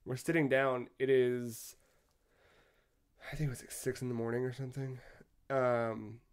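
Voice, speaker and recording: A man co-hosting a podcast, telling a travel story in a casual, animated way with frequent swearing. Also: medium pitch, moderate pace, smooth. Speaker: podcast co-host.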